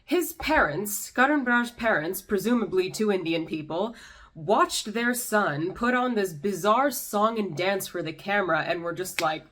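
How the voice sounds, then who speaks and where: A woman's voice: mid-range voice, expressive, measured pace, a bit bright. Sarcastic young woman ranting to camera. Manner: sarcastic, exasperated. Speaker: YouTube commentator. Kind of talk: ranting commentary vlog.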